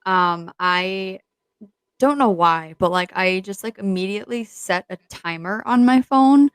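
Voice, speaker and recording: A woman co-hosting a podcast in casual chat, speaking hesitantly with many fillers and trailing off softly. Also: medium pitch, measured pace, clear, resonant tone, no echo. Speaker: podcast co-host.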